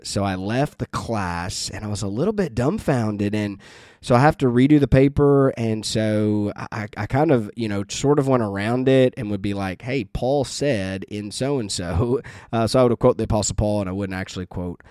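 A man's voice: mid-range voice, a little mellow, no echo, clean studio sound. A man teaching about the Bible in a casual, earnest way, telling a personal story and using many fillers.

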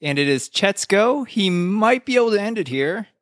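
A man's voice: high-pitched, expressive, normal speed, fairly bright tone, no room sound. A man co-hosts a casual podcast, calling out dice rolls with loose, profane banter. His voice sits a little above the usual male range. The recording is dry and close, with no room sound. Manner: loose, swearing, jokey banter. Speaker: podcast co-host. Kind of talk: casual chat narrating a dice battle.

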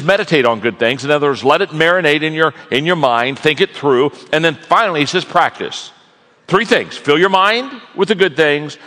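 A man preaching a sermon, telling stories with lively energy and acting out the people in them. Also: fairly high pitch, big-room sound. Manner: animated storytelling, acting out characters. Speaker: guest speaker.

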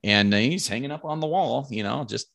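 A man guesting on a podcast, telling a hunting story in a casual, animated way, acting out what people said and swearing freely. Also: mid-range voice, moderate pace, gravelly. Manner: animated, acts out quoted lines, swears casually. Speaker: podcast guest, bow hunter.

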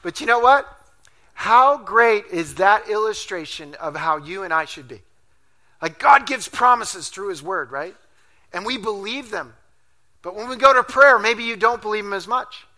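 A man with a high, bright voice preaches at a church service. He tells stories in an animated, self-deprecating way and laughs often. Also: moderate pace. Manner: laughs often while talking. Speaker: pastor. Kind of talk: storytelling sermon.

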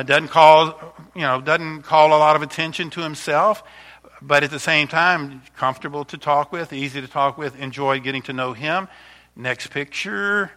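Bright-voiced pastor telling stories. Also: male voice, fairly high pitch. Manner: chatty, warm storytelling with frequent restarts. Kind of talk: casual sermon with slideshow.

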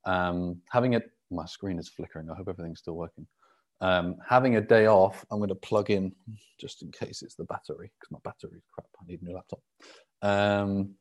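Sweary, rambling male podcast host. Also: low-pitched. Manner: relaxed, sweary, rambling with fillers. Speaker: podcast host and rugby fitness coach. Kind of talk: casual solo podcast. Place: indoors at a laptop on a live video call.

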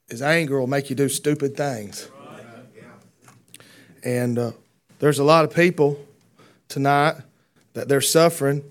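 A man preaching a sermon in a folksy, fervent manner. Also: mid-range voice. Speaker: pastor.

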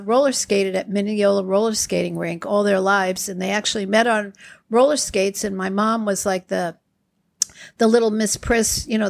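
A woman's voice: medium pitch, creaky. A woman in her sixties hosting a podcast, telling chatty personal stories and acting out the quotes. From Long Island, New York. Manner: chatty, animated anecdotes with acted-out quotes. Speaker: podcast host. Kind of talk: casual storytelling.

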